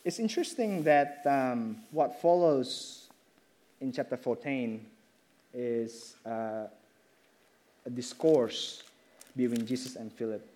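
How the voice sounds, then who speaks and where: A man preaching a sermon in church, emphatic and animated, repeating phrases as he builds his points. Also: medium pitch, slow, long pauses.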